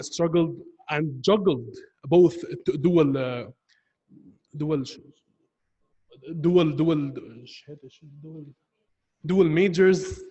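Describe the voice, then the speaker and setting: A young man evaluating a club member's speech on a video call, earnest and halting, often restarting his words. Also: a little high, a little mellow, long reverb tail, dull audio.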